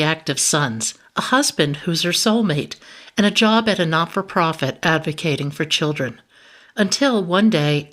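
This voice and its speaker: A woman's voice: on the low side, fairly bright tone. A woman hosting a podcast interview, introducing her guest and chatting with her. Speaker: podcast host.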